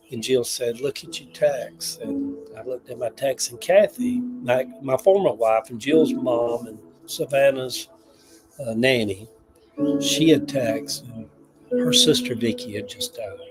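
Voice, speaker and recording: A man's voice: medium pitch, poor audio. An older man, chatting casually and emotionally on a livestream, rambling and reading viewer comments aloud. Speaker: livestream host.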